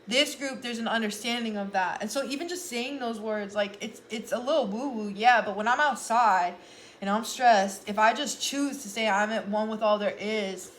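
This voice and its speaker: A woman's voice: a little high, normal speed, fairly bright tone, a little hiss or hum. Earnest, rambling young woman reading tarot. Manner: rambling, earnest, often restarts sentences. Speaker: tarot reader. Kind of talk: casual tarot reading vlog.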